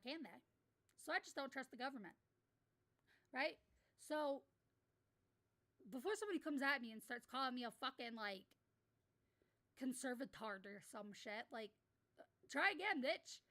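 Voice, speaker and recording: A woman's voice: high-pitched, fairly bright tone. A woman livestreamer in a casual rant, talking bluntly and heatedly, with plenty of swearing. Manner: blunt, profane, heated ranting.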